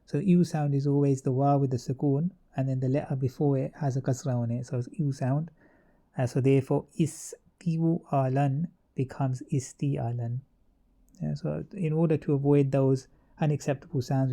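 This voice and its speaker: A man's voice: medium pitch, fairly even intonation, a little fast, warm tone. A man teaching an Arabic grammar lesson, walking through verb charts step by step with frequent fillers and self-corrections.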